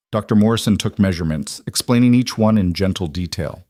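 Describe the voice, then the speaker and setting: A man narrating a scripted story in an even, measured way. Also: low-pitched, no room sound, studio quality.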